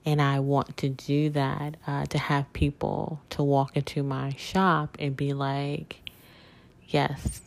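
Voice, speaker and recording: A woman with a very deep, flat voice hosts her own podcast and talks slowly about what matters to her. She rambles warmly and sincerely, often circling back with fillers and self-corrections. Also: vocal fry. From southern United States. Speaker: podcast host. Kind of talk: casual personal monologue.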